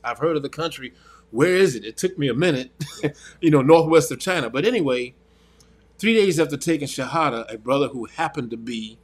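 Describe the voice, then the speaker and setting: A man, a guest, earnestly telling a personal story in a casual discussion. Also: medium pitch.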